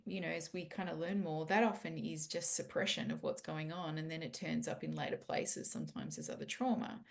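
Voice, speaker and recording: A woman's voice: on the low side, creaky. A middle-aged woman, a parenting educator answering podcast questions in an earnest, explaining way.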